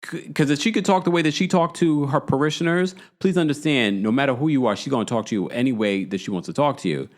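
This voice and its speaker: A man's voice: mid-range voice, fast talker, hardly any pauses. A man hosting a podcast, recapping a reality show in casual, gossipy chat and acting out what the cast said. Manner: animated, gossipy, acts out quotes. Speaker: podcast host.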